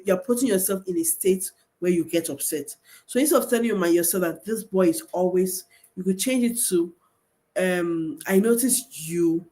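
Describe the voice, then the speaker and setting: A woman's voice: medium pitch, a little mellow. A woman teaching parents as a coach, emphatic and repetitive, asking rhetorical questions. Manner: emphatic, repeats key points, asks rhetorical questions.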